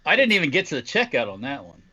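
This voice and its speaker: A man co-hosting a podcast, talking casually with many pauses and restarts. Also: fairly high pitch, huge pitch swings, pushed and bright, dull audio. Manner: halting, lots of uh and restarts. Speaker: podcast co-host.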